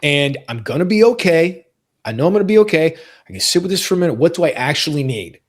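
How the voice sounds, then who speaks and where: A man's voice: on the high side, big pitch swings, fast talker. A man hosting a podcast in casual conversation, talking earnestly and repeating phrases for emphasis. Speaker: podcast host.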